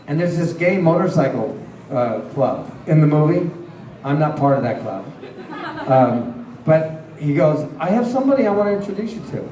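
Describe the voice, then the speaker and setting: A man with a slightly high, mellow voice tells chatty stories at a convention Q&A and laughs often as he talks. He is heard from some distance in a big, echoing room. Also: slight background noise. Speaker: convention panel guest. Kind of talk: convention Q&A storytelling. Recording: roomy hall picked up from a distance.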